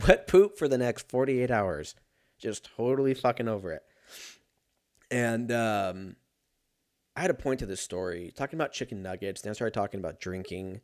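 A man's voice: lowish voice, expressive, normal speed. A young man in a casual comedic rant, profane and rambling, jumping into mock voices of people he quotes.

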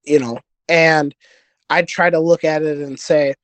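Guy on a podcast, kinda high voice, earnest, restarts a lot, dry close sound. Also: steady tone, measured pace, a bit bright, no room sound. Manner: earnest, rambling with many restarts. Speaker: podcast guest, jiu-jitsu competitor. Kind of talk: casual interview storytelling.

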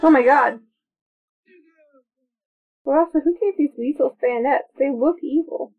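A woman co-hosting a casual chat about a film she is watching, excitable and reading out her notes. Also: sits high, measured pace. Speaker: podcast co-host. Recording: tinny phone-like sound.

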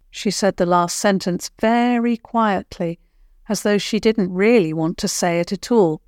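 A woman telling a children's bedtime story in a calm, soothing, unhurried way. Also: mid-range voice, no room sound, clean studio sound.

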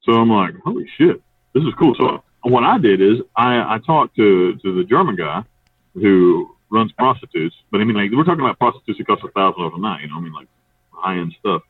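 This interviewee, a man from North Carolina, USA, has a low, husky voice with lively intonation. He tells a rambling, profane story, quickly mimicking what others said, and his voice arrives through a distant, tinny phone line with no room sound.

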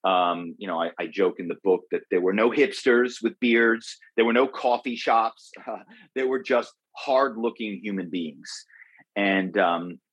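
A middle-aged man recounts old stories as an interview guest, his voice low and husky. He rambles along, doubling back with fillers and restarts. The sound is dry and close, with no room around it. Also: steady tone, a little slow, fairly bright tone, dry recording, lo-fi sound. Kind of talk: conversational storytelling.

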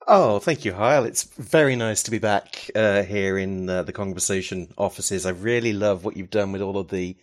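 A man being interviewed as a guest author, speaking in a dry, deadpan teasing manner. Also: lowish voice, normal speed, few pauses. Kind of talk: casual interview chat.

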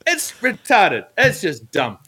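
A man co-hosting a casual podcast with a rather high voice that bounces around a lot. He rants and jokes, swearing freely. His tone is bright and forward. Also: wildly swooping pitch, slow pace, husky. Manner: profane ranting, jokey. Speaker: podcast co-host.

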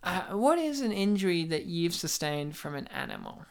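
Woman cohost joking around about a movie, very bouncy voice, smooth and clear. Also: lowish voice, moderate pace. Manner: animated, laughs often, acts out silly voices. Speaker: podcast co-host. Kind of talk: casual chat, movie riffing.

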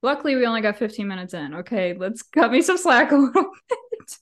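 A woman's voice: fairly high pitch, big pitch swings, a little fast. A woman co-hosting a podcast in casual chat, blunt and swearing freely, laughing often. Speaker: podcast co-host.

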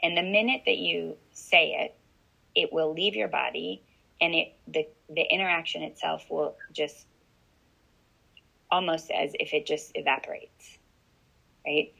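A woman coach explaining calmly as an interview guest, often checking in with "right?". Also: low voice, unhurried, gravelly, pauses often, breathy edge, rough recording.

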